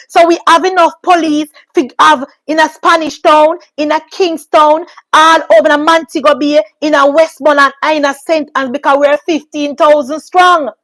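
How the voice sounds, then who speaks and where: A woman's voice: sits high, fairly bright tone, no echo, low-quality recording. A woman with a Jamaican accent giving an impassioned political monologue, emphatic and repetitive with a preachy ring. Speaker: political commentator.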